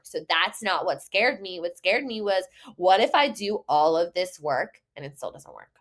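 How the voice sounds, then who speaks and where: A woman's voice: medium pitch, animated, normal speed. A woman talks through her own story on her podcast in a loose, casual monologue. She is candid and emotional, swears freely and laughs often between her thoughts. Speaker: podcast host and business coach.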